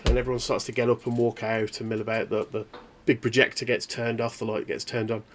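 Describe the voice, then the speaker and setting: A man's voice: mid-range voice, little pitch movement, quick pace, hardly any pauses, slight background noise. A man narrating a tabletop game as game master, rambling with many fillers and self-corrections.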